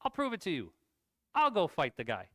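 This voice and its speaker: A man voicing the young shepherd David as a brash, confident youth, talking up with incredulous excitement while retelling the story in a sermon. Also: fairly quick, dry recording, clean studio sound, heavily acted. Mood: reassuring. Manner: incredulous, excited, talks up high.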